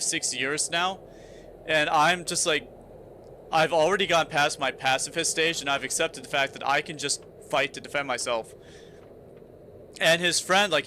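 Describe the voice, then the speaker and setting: A man's voice: fairly high pitch, sharp tone, slight background noise. A young man streaming a game, chatting casually and telling a long story with frequent restarts. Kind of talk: casual chat while gaming.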